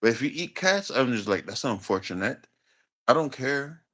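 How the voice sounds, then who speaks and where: A man's voice: mid-range voice, lively intonation, moderate pace, a bit bright. A man in a heated online debate, answering in a rambling, defensive, profane way. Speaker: debate guest.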